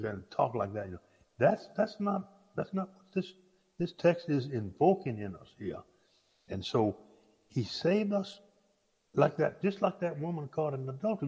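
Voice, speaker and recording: A man preaching a sermon in a folksy, halting way, often restarting his words. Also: medium pitch, expressive, dark tone, husky, long reverb tail.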